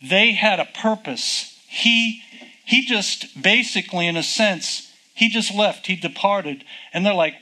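Male preacher, sermon teaching, rhetorical questions, unhurried delivery, bright voice. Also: high-pitched, expressive, poor audio. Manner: conversational Bible teaching, rhetorical questions, reading verses aloud.

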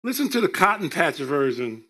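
A male preacher delivering a sermon, reading scripture with emphatic, drawn-out delivery and joking asides. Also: on the high side, sing-song, pushed and bright.

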